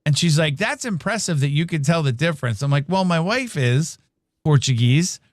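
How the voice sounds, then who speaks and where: A man's voice: fairly high pitch, moderate pace, no room sound, clean studio sound. A man co-hosting a casual podcast, telling a story with lots of laughter and acting out the voices he quotes. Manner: animated storyteller, laughs often, acts out quoted dialogue. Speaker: podcast co-host. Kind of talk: casual chat on a livestreamed podcast.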